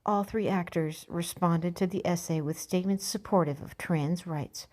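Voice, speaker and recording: Woman vlogger, slightly low voice, blunt and scornful, reads an article aloud and picks it apart. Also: moderate pace, a little mellow. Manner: blunt, sarcastic, profane ranting. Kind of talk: opinion vlog reading an article.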